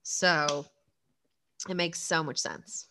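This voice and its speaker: Lower-pitched bright Irish woman. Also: fairly even intonation, slow. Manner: indignant storyteller, swears. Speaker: podcast co-host. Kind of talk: casual chat.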